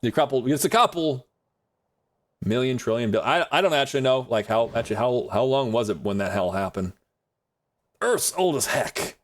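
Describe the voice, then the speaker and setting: A man's voice: mid-range voice, expressive, normal speed. A man streaming live and chatting with his audience in a rambling, jokey way, laughing often.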